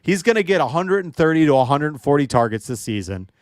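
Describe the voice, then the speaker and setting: A man's voice: a little high, very animated, quick pace, no echo, studio quality. A young adult man hosting a livestream football show, emotionally charged and ranting while joking with his chat. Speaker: sports show host.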